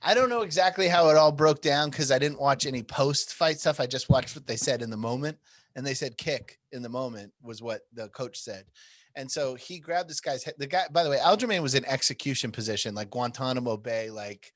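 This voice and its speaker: A man's voice: medium pitch, animated, a little fast, fairly bright tone, no room sound. A man co-hosting a podcast, telling rambling, profane stories in casual chat and laughing often. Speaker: podcast co-host.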